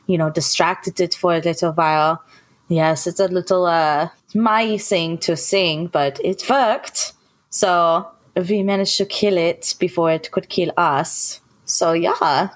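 Slow, hesitant woman player. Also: lowish voice. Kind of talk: in-character role-play.

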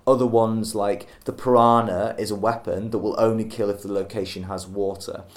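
Low-voiced man rambling through a game pitch. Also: steady tone, moderate pace. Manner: rambling, jokey, trips over words. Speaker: podcast co-host. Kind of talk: casual chat, pitching a game idea.

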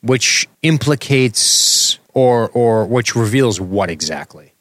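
A man's voice: mid-range voice, expressive, slow pace, a bit bright, no echo. A man co-hosting a podcast, joking and swearing freely in casual banter. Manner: profane, joking, wisecracking. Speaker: podcast co-host.

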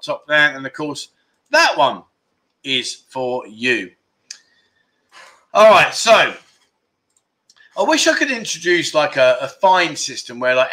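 A man's voice: medium pitch, bright, forceful tone. A man hosting a casual livestream, chatty and grateful, with many restarts as he thanks viewers. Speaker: livestream host. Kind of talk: casual chat reading out viewer donations. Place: Pattaya, Thailand.

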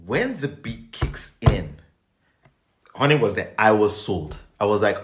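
A man's voice: lowish voice, sing-song, roomy sound. A man co-hosting a podcast, chatting casually and candidly about music videos, swearing and laughing at himself. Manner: candid, swearing, self-mocking, quick to laugh. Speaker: podcast co-host.

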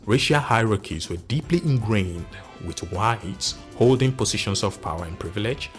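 Brief: male podcast host, lowish voice, measured scripted narration.

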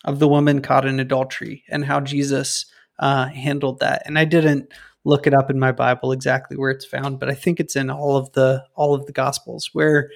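A man's voice: mid-range voice, flat delivery, normal speed, gravelly. A man co-hosting a casual faith discussion, retelling a Bible story in a loose, conversational way with many fillers.

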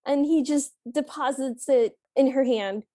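A woman co-hosting a podcast, retelling a movie scene in an animated way and quoting the characters' lines. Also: high-pitched, unhurried, dry recording, clean studio sound. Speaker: podcast co-host. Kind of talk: casual movie recap chat.

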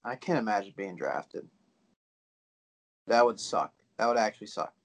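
A man's voice: fairly low pitch, animated, normal speed, rough recording. A man co-hosting a podcast in loose, casual banter, swearing easily. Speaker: podcast co-host. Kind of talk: casual chat.

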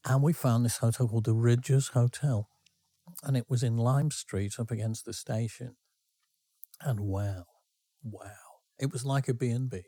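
A man's voice: medium pitch, fairly even intonation, unhurried, warm tone, breathy edge, no room sound. A man hosting a podcast, telling rambling anecdotes with many self-interruptions. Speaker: podcast co-host. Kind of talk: casual storytelling.

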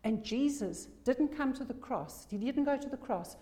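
A woman delivers a sermon in a mellow, warm voice. She is emphatic and hammers home key phrases through repetition. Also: sits high, animated, moderate pace. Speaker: preacher.

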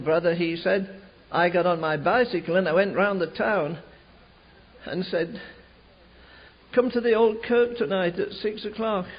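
Older male preacher, high husky voice, fervent storytelling with shouted peaks, lo-fi archive sound. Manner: fervent, builds to shouting climaxes. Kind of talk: storytelling sermon. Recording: dull lo-fi archive recording.

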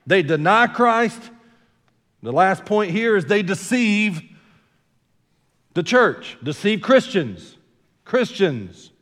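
A Southern American man preaches in a folksy style, his fairly high voice ringing through a big hall with a long reverb. He drops into quiet, chatty asides, then rises into loud, emphatic declarations. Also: sing-song, takes it slowly, long pauses. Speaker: senior pastor. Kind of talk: sermon.

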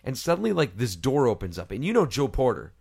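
A man hosting a casual chat, telling a story in a lively way and acting out what other people said, with the odd swear word. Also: medium pitch, fast talker, creaky, husky. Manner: animated storyteller, acts out quoted people. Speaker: podcast host.

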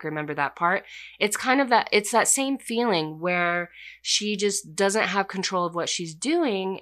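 A woman's voice: lowish voice, pushed and bright. A young woman casually retelling a fantasy novel's plot, chatty and full of fillers. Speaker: book reviewer. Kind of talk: casual book recap.

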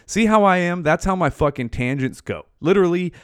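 A man's voice: sits high, lively intonation, fairly quick, smooth, no echo, clean studio sound. A man hosting a solo podcast, ranting casually with heavy swearing and rambling tangents. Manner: profane, rambling, goes off on tangents. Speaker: podcast host.

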